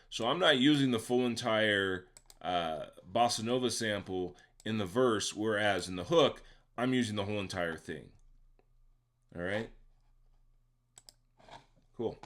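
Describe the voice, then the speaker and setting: A man with a somewhat low voice gives a casual walkthrough of how he produced a beat. He talks step by step with a few fillers and keeps checking in with the listener. He sounds like a home-studio producer recording a voice-over for his tutorial. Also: a little slow, pauses often, fairly bright tone. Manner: conversational, checks in with the viewer by asking "right?".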